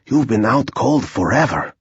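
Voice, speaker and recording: A man's voice: medium pitch, animated, normal speed, slightly rough, no room sound. A man voicing a small, wisecracking male reptile familiar with a sardonic, teasing manner, recorded with a dull, dry sound.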